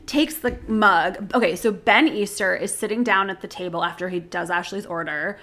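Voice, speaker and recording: A young woman co-hosts a casual podcast, talking loosely with plenty of fillers and quick laughs. Her voice is bright and sits at a middling pitch. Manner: chatty, filler-heavy, laughs often. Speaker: podcast co-host. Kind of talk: casual recap chat.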